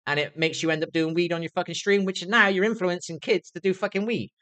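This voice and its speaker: A man's voice: high-pitched, steady tone, fast talker, pushed and bright. A young man livestreaming an angry, swear-filled rant, often asking "do you know what I mean". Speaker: streamer.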